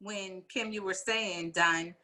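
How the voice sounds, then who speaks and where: Bright-voiced woman chiming in. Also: medium pitch, fairly even intonation, slow pace. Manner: polite, eager to interject. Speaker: discussion participant. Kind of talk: casual book discussion.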